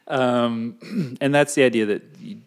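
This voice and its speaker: Relaxed co-host, lively and emphatic, plays out scenes. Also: male voice, medium pitch. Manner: animated, acts out voices in his stories. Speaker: podcast co-host. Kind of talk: casual chat.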